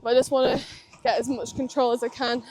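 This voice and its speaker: A young equestrian vlogger, in a slightly high, darkish voice with flat delivery, talks fast as she rides in a stable yard's outdoor arena. She keeps up a chatty commentary praising her horse, over a little hiss or hum.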